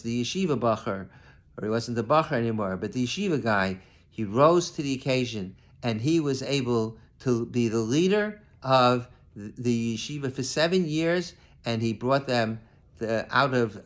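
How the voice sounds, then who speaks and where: An older man, a rabbi, giving an earnest conversational sermon to his congregation, reading verses and then explaining them. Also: mid-range voice. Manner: earnest, conversational with many restarts, reads Hebrew verses then translates.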